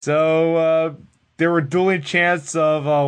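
Animated, profane male podcast host. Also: on the high side, slow, smooth. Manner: animated, profane storytelling that acts out the people it quotes. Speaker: podcast co-host recapping wrestling. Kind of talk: casual chat.

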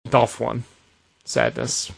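A man co-hosting a podcast, giving an animated casual recap with plenty of swearing. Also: mid-range voice, slow pace, vocal fry, breathy edge. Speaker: podcast co-host. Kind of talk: casual chat.

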